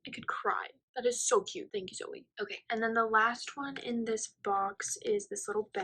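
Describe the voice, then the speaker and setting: A woman's voice: a little high, steady tone, moderate pace, few pauses, bright, forceful tone, husky, low-quality recording. A young woman unboxing gifts in a casual talk, gushing and often dropping to a whisper. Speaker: friend opening gifts.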